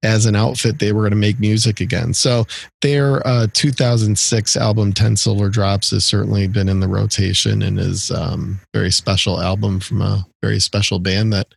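A man's voice: fairly low pitch, flat delivery, moderate pace, vocal fry, breathy edge, no room sound. A middle-aged man from the area co-hosting a casual music podcast, rambling with lots of fillers and restarts. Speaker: podcast co-host.

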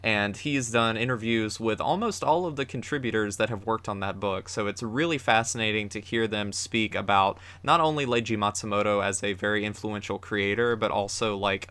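Bright, crisp-voiced male podcast host. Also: fairly low pitch, no echo. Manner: upbeat, chatty, plugs the show. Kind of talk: casual podcast chat.

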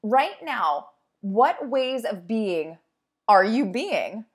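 A young adult woman, fitness instructor and host, draws out her words in a fairly high, sing-song voice. Her motivational monologue is upbeat and encouraging, delivered conversationally with acted-out inner voices.

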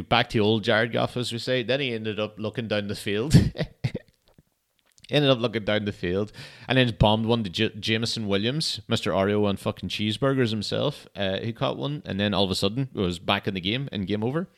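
Male, young adult, podcast host, casual solo chat, rambling, sweary, lowish voice. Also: fairly bright tone. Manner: swears often, rambling and laid-back.

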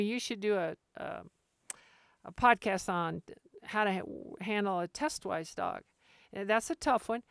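A woman hosting a podcast on training retriever dogs, talking in a direct, practical way and acting out quick asides. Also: medium pitch, fairly bright tone, clean tone, dry recording, clean studio sound. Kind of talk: casual instructional podcast talk.

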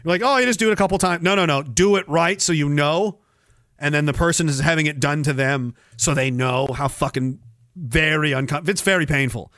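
A man's voice: fairly high pitch, a little fast, fairly bright tone, no room sound, studio quality. A man hosting a livestream, ranting sarcastically and profanely while reading viewer comments aloud. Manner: profane, sarcastic, acts out mocking voices. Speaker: livestream host.

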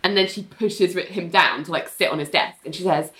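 A woman's voice: fairly low pitch, a little fast, hardly any pauses, slight background noise. A young woman casually recapping a TV episode, acting out the characters' lines and swearing freely. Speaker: podcast co-host recapping a TV show.

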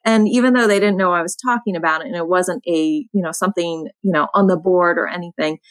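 Calm, low-voiced woman teacher. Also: fast talker, no echo, low-quality recording. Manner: calm, soft-spoken. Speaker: elementary school teacher. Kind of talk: panel discussion.

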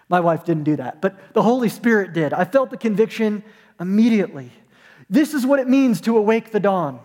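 A man with a high voice preaching, his words trailing into a long, ringing reverb. He tells a story and slips into the voices of its people, then turns it into a call to his listeners. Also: darkish tone. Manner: storytelling, acts out voices in anecdotes. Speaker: pastor. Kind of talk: sermon. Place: church, online service.

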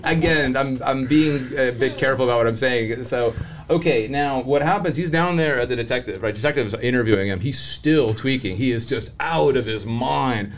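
A man's voice: medium pitch, normal speed, a little hiss or hum. A man and criminologist guest, telling a story casually and animatedly, acting out voices and laughing often. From Southern California.

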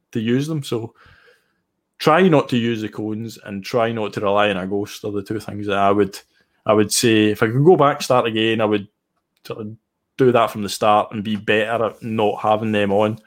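A man with a Scottish accent, a sim racing guest chatting casually and enthusiastically in an interview, often restarting his phrases. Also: fairly low pitch.

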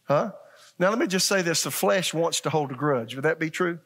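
A middle-aged man preaches with a gravelly, slightly high voice. He keeps the congregation engaged with questions and acts out the people in his stories. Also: a little fast, a bit bright. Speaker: pastor. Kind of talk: sermon.

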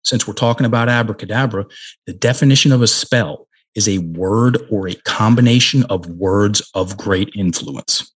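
A middle-aged man, a guest on a podcast, telling a coaching story on a headset mic, emphatic and slowing down to stress key words. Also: lowish voice, breathy edge. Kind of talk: conversational storytelling.

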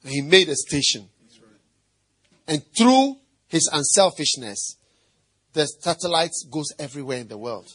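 A middle-aged man preaching a sermon as pastor, animated and playful, quizzing the congregation and mimicking animal noises. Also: on the high side, unhurried, long pauses, slightly rough.

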